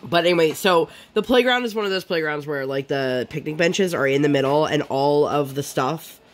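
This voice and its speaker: A woman's voice: deep voice, normal speed. A woman vlogger chatting casually while she crafts, rambling and full of fillers.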